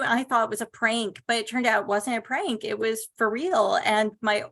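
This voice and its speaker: A middle-aged woman novelist on a panel, telling a lively anecdote about her career. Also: on the high side, normal speed, gravelly, hardly any pauses. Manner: animated anecdotal storytelling. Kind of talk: panel discussion storytelling.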